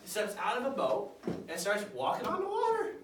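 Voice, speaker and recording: A man teaching children a Bible lesson, acting out the characters with bursts of loud shouting. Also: high-pitched, huge pitch swings, normal speed. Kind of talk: animated Bible story lesson for kids. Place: church classroom with children. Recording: echoey room, distant mic, noisy.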